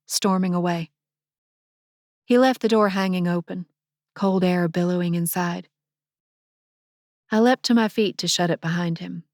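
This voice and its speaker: A woman narrating a first-person romance audiobook in a soft, intimate manner, on a close studio mic. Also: fairly low pitch, no echo.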